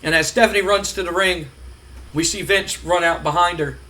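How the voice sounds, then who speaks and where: Brief: male game streamer, casual rambling narration, bright voice, slightly high. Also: steady tone, moderate pace. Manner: rambling, filler-heavy. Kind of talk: casual narration of a wrestling sim.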